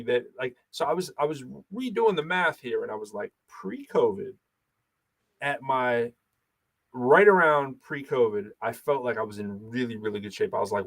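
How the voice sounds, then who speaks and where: A man in his thirties hosting a casual talk show, animated, laughing often and talking with many fillers. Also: medium pitch. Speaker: podcast host and battle rapper. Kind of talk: casual chat.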